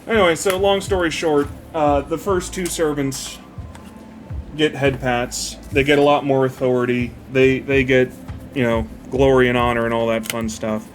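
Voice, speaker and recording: A man talks in a loose, rambling way as he works on a build, dropping curse words and drifting off mid-thought. His voice sits at an ordinary middle pitch. Soft music plays faintly behind him. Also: steady tone, normal speed. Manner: meandering, profane, easily distracted by the build. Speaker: model builder retelling a parable. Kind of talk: casual rambling chat while building.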